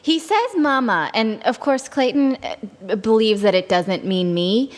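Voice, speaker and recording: A woman's voice: a little high, expressive, a little slow, in a large hall. A woman chatting casually on a parenting panel, rambling and searching for words as she talks. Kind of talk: casual chat.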